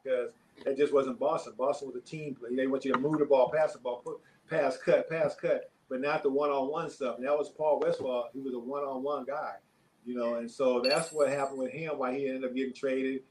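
An older man, a former pro basketball player, telling stories in a relaxed interview, rambling with many fillers and chuckles. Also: mid-range voice, a little fast, a little hiss or hum, low-quality recording. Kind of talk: casual interview storytelling.

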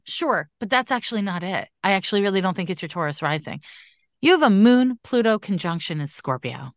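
A woman's voice: medium pitch, no room sound. Woman host, astrology reading, emphatic and casual, dry close sound. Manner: emphatic, animated, casual swearing.

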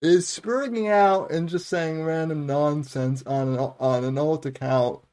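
A man hosting a livestream, talking in halting, stammering bursts and giggling. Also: fairly high pitch, fairly even intonation, darkish tone. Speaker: podcast host. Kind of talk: casual banter on a livestream.

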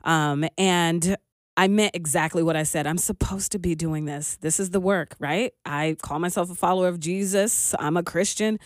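Woman radio host, low-pitched, teary and laughing, dry studio mic. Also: moderate pace, dry recording. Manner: emotional, laughing through tears. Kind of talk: radio show chat.

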